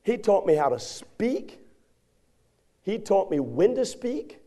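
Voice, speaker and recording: Brief: male preacher with a high voice, folksy and animated as he tells a story from the pulpit. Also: takes it slowly. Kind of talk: sermon with a personal story.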